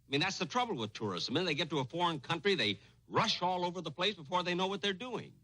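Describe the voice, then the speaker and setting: A man acting in a 1950s TV sitcom as a fussy, deadpan tourist who counts and hesitates aloud. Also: sits high, fast talker, exaggerated voice. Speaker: comedian playing himself as a tourist.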